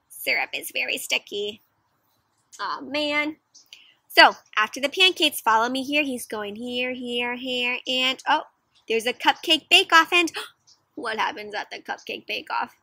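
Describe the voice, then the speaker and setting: A young adult woman reading a picture book aloud to children in an animated way, gasping and asking them questions. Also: high-pitched, no echo. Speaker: children's storyteller. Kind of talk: interactive read-aloud for kids.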